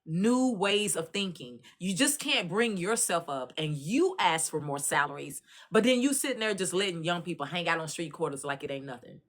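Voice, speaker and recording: Bright-voiced Texas woman, animated storyteller. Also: fairly low pitch, normal speed, few pauses. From Dallas, Texas. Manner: animated storytelling, Southern colloquial speech. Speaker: commentary host. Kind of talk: casual spoken commentary.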